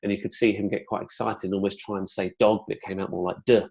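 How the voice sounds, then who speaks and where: A man giving an explanatory webinar presentation in a conversational, relaxed way, with plenty of fillers and asides. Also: lowish voice, quick pace, gravelly.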